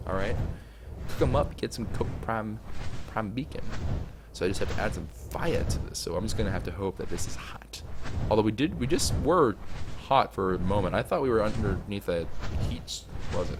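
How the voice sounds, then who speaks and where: A young man casually commenting on his gameplay, joking and complaining, sometimes pleading loudly. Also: fairly low pitch, noisy background. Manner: animated, joking, swings to loud pleading. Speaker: gaming YouTuber.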